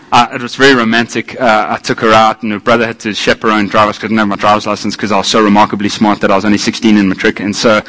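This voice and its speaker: A man preaching a sermon, animated and self-deprecating, swinging from quiet asides to loud exclamations. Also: on the low side, rough recording. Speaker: pastor.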